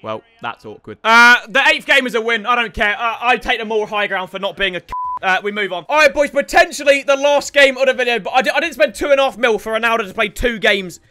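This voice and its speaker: A young man calls his own football video game, swearing and shouting at the players on screen. His voice is bright and sharp and sits high for a man. It leaps around in pitch as he swings from outbursts to low grumbles. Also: lively intonation, quick pace. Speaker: gaming streamer. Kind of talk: live gameplay commentary.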